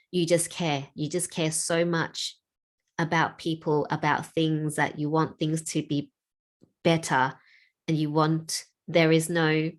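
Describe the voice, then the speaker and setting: Slow, low-voiced woman sharing heartfelt reflections. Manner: emotional, tearful at times, with sighs and laughs. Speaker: speaker sharing personal reflections. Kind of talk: heartfelt personal talk.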